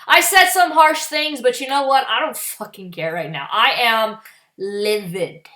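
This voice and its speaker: Furious profane woman ranting, high voice. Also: big pitch swings, moderate pace, bright, forceful tone, roomy sound. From Canada. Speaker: political vlogger. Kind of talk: angry political rant.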